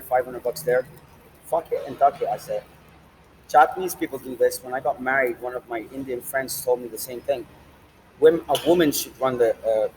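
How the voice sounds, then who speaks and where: A man's voice: mid-range voice, slight background noise, poor audio. Rambling, profane man vlogging. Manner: rambling, swears often, jumps between topics. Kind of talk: rambling casual monologue. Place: outdoors, standing, smoking a cigar.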